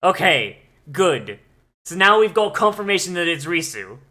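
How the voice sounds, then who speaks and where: A man reacting to an anime episode as he watches, swearing freely and reacting in disbelief at what happens on screen. His voice is bright and forward, and he talks in a loose, casual way. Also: sits high, sing-song, moderate pace. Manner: profane, incredulous outbursts. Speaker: anime watch-along host.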